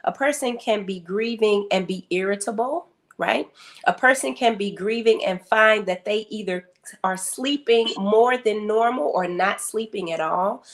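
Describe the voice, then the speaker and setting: A woman's voice: mid-range voice, measured pace. A middle-aged woman, a guest speaker on grief, telling a story and acting out the people in it. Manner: animated storyteller acting out quotes. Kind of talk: storytelling interview talk.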